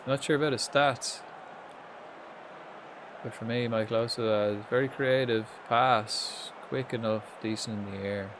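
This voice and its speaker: Excitable Irish man streaming a game. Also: mid-range voice, unhurried, background noise. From Ireland. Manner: swearing, excitable, chatting with chat. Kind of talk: live game commentary.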